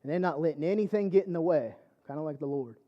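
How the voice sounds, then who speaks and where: A man's voice: a little high, fast, dull audio. A man preaching a personal testimony sermon, telling his story conversationally with lots of fillers. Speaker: church speaker.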